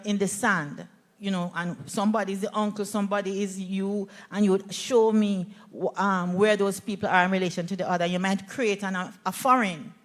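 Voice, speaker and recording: This play therapist, a middle-aged woman with a Jamaican accent and a mid-range voice, leads a workshop at a conference, checking in with the audience while telling lively stories.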